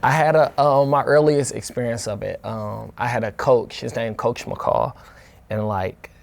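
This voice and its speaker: A young man from the St. Louis area, talking casually as an interview guest in a relaxed, colloquial way with many fillers and restarts. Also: medium pitch, unhurried, gravelly. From St. Louis area, USA. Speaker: interview guest, football player.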